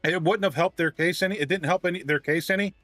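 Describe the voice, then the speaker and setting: A man casually telling a long story on a livestream, ranting and animated, often restarting his sentences. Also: high voice, fast talker, no echo, faint music behind.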